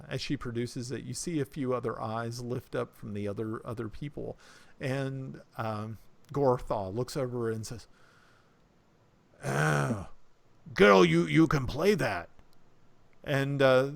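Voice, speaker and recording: A man's voice: medium pitch, creaky. A man narrating as game master of a tabletop game, hesitant, with many fillers and restarts.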